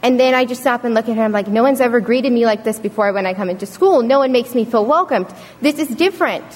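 Young woman, slightly high voice, earnest storytelling speech, reverberant hall. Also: fast talker. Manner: earnest, storytelling with acted quotes. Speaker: student speaker. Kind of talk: prepared speech to an audience.

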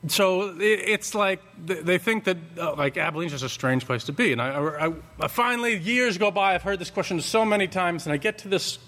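A man's voice: high-pitched, fairly quick, few pauses, pushed and bright. A man telling a casual, rambling anecdote, full of fillers and restarts. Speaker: storyteller. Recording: long hall reverb.

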